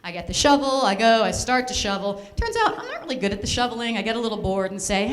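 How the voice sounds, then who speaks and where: A woman's voice: medium pitch, fast talker, few pauses. A woman on stage at a fundraiser, telling a self-mocking comic story into a microphone with playful drama. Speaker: speaker at a charity fundraiser. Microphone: handheld or stand microphone.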